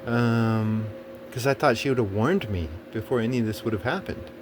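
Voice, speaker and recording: A man's voice: mid-range voice, normal speed, noisy background. A man telling a personal story in a rambling monologue, swearing often and stumbling through fillers and restarts. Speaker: storyteller recounting a personal experience. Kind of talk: casual monologue.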